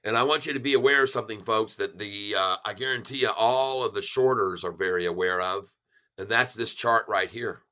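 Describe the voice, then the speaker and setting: A middle-aged man giving excited, folksy commentary on a stock chart, repeating himself for emphasis and calling his viewers folks. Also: fairly low pitch, fairly quick.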